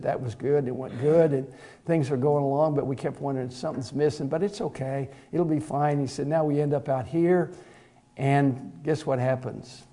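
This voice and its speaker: A man's voice: mid-range voice, dark tone. A middle-aged male preacher telling a long story in a sermon, folksy and conversational, with many fillers and repeated "he said".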